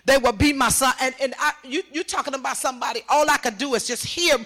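An older woman gives personal testimony with a high, piercing voice. She speaks emphatically and circles back over the same words. Her voice often climbs into shouting. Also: fast talker. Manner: emphatic, repetitive, voice rising to shouts. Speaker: mother giving testimony.

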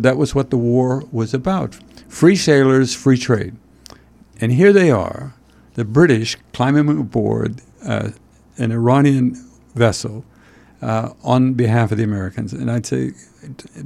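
A man hosting a talk show in casual chat, rambling and halting with frequent fillers and wry asides. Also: medium pitch, gravelly, darkish tone. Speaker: host.

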